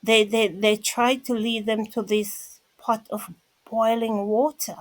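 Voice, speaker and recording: A woman vlogger with a fairly high voice speaks slowly and flatly in a casual commentary monologue aimed straight at her listeners, emphatic and repetitive. The low-quality recording has no room sound.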